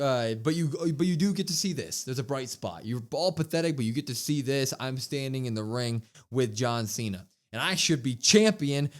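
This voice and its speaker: Animated man recapping wrestling. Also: mid-range voice. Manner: animated retelling, acts out quotes. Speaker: wrestling podcast co-host. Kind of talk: casual recap chat.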